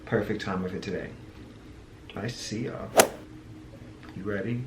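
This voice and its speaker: A man's voice: sits low, a little fast, pauses often. Tired chatty man in an echoey room. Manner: chatty, candid, laughs often, slangy. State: tired, low energy. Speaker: podcast host. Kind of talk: casual solo vlog talk. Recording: echoey room with audible background noise.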